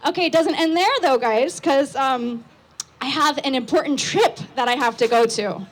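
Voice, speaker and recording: High-voiced woman telling a story loudly. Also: moderate pace. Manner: loud, excitable, talks with lots of fillers. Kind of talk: live storytelling on stage. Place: outdoor patio stage.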